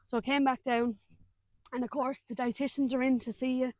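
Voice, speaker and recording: A woman's voice: high voice, flat delivery, fairly quick, darkish tone, no room sound. A woman in her thirties with an Irish accent, a guest animatedly telling a personal story in a casual, colloquial way.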